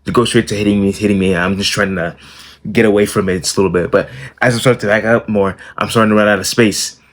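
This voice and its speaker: A man's voice: lowish voice, fairly even intonation, quick pace. A young man telling a personal story in a blunt, casual vlog, swearing freely. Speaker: self-improvement YouTuber.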